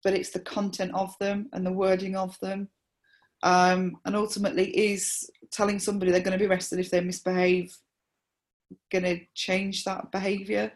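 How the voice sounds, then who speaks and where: A woman, a supporter liaison officer, explaining her views in a measured interview with frequent restarts. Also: mid-range voice, monotone. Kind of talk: conversational interview.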